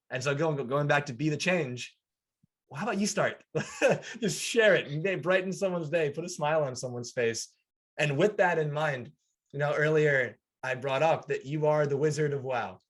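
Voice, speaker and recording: A man's voice: a little high, normal speed. A man hosting a podcast interview, earnest and encouraging as he reflects and asks questions. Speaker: podcast host.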